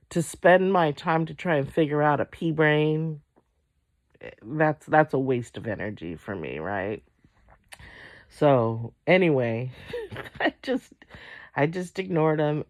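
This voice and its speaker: Home vlogger, rambling and profane, gravelly voice, dry room. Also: medium pitch, no room sound. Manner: rambling, profane, many restarts. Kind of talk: casual storytelling monologue.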